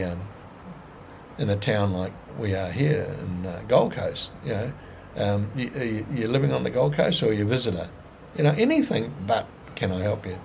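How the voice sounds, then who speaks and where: A man's voice: lowish voice, gravelly, darkish tone, a little hiss or hum. A man with an Australian accent telling his life story in a rambling, folksy monologue full of plain sales advice. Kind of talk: casual monologue to camera.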